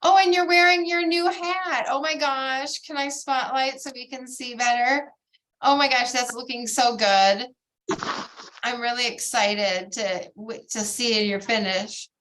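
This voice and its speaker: Woman host, bubbly and gushing, slightly high voice, slow easygoing delivery, video-call hosting. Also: fairly even intonation, fairly bright tone, slight background noise. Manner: bubbly, gushing, keeps saying "oh my gosh". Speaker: bead society meeting host.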